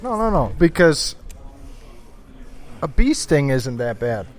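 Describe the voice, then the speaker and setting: A man's voice: fairly high pitch, very animated, takes it slowly. A man co-hosting a casual podcast, joking around. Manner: joking, does impressions. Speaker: podcast co-host. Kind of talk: casual chat.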